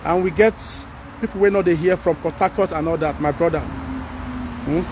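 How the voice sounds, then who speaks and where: High-voiced Nigerian man, animated livestream. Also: normal speed, noisy background. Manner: animated, pleading, mixes in Pidgin. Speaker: livestream host reading viewer comments. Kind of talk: casual livestream talk.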